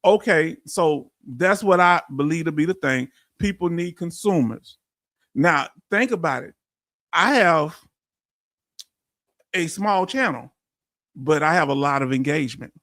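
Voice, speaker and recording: High-voiced Texan man, blunt talk. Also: animated, a little slow, long pauses, a bit bright, no room sound, studio quality. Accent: Southern US, Texan. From Houston, Texas. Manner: blunt, straight-talking, addresses chat directly. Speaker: livestream host. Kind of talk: casual livestream chat.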